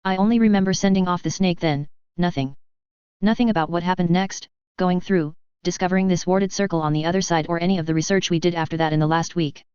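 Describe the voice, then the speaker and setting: A woman reading fan fiction aloud, voicing an anxious but determined young witch who talks briskly and insistently, on a dull lo-fi recording. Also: on the low side, fairly even intonation, darkish tone, clear, resonant tone, dry recording, close to an everyday voice. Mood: worried, brisk.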